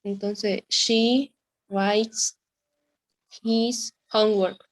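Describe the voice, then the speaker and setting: A woman's voice: medium pitch, steady tone, extremely slow. A woman student answering over a video call, unsure and correcting herself. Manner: unsure, trial-and-error answers. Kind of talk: answering in class.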